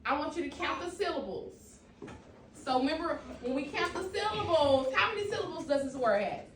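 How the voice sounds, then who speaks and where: High-voiced teacher in an echoey classroom. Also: female voice, expressive, fairly quick, a bit bright. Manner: encouraging, calls on students and repeats answers. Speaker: elementary school teacher. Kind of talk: classroom phonics lesson. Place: classroom full of children. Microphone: far from the mic. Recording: echoey, distant and noisy classroom recording.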